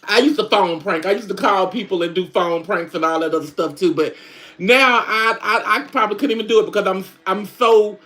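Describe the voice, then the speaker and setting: A man with a voice that sits high, brisk, pushed and bright, plays a sassy middle-aged country woman. As a livestream host, he chats casually in country slang.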